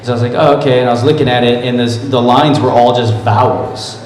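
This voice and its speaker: A voice actor on a convention panel answers fan questions in a large hall, telling casual, rambling anecdotes and laughing often. He talks fast in a steady, mid-range, darkish voice. The hall is echoey with audience murmur, and there's a little hiss or hum.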